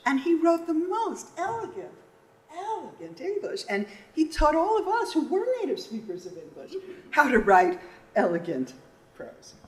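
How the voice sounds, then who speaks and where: A woman's voice: fairly high pitch, a little mellow. A middle-aged woman giving an anecdotal memorial tribute on a conference panel, laughing often. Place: lecture hall. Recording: echoey hall, faint room noise.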